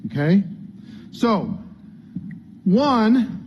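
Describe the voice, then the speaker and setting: A man's voice: high voice, expressive, very slow, a little hiss or hum. A man coaching a training group, earnest and conversational, acting out what people might say. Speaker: business coach. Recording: dull lo-fi sound, faint room ambience.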